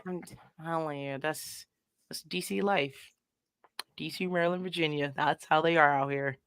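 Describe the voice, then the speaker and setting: Bright-voiced woman telling animated stories. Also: low voice, moderate pace, smooth, dry recording. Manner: animated, acts out street scenes in voices. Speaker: podcast guest. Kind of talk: casual storytelling chat. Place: from the D.C. area.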